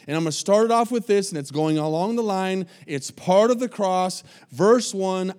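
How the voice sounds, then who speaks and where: A man preaching a sermon as pastor, reading scripture aloud and repeating phrases, swinging between quiet and loud. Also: high voice, normal speed, hardly any pauses.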